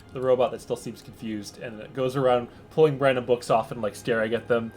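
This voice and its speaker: Man, game master, mid-pitched voice, relaxed narration, faint music behind. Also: moderate pace. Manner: relaxed and chuckling, with loose fillers.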